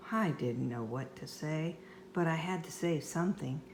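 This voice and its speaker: Older woman, storybook read-aloud, gravelly voice, echoey room. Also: deep voice, slight background noise. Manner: slow, expressive read-aloud. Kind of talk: reading a children's book aloud. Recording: echoey room with faint ambience.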